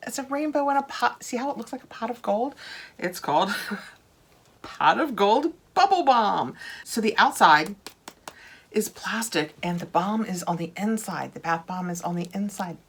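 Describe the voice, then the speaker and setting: An older woman chatting casually through a product unboxing, gushing over items and dropping to a soft whisper now and then. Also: medium pitch, moderate pace, husky.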